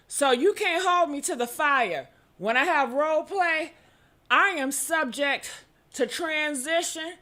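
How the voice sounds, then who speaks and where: Bright high-voiced woman hosting gossip chat. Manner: exclamatory, calls out to viewers with "honey" and "okay?"; sudden high whoops. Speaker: gossip show host. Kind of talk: casual livestream gossip chat.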